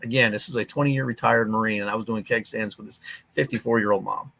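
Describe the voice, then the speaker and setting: A man's voice: lowish voice, steady tone, fast talker, vocal fry, a bit bright. Blunt, candid male veteran storyteller. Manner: blunt, candid storyteller with plain soldier talk. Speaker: guest, veteran organization leader. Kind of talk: casual podcast conversation.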